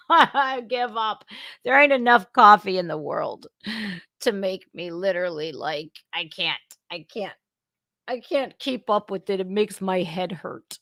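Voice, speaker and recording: Woman, livestream host, casual reaction chat, exclamatory, slow-paced. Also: lowish voice, lively intonation, a bit bright, no room sound, clean studio sound. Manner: chatty, exclaiming, laughing asides.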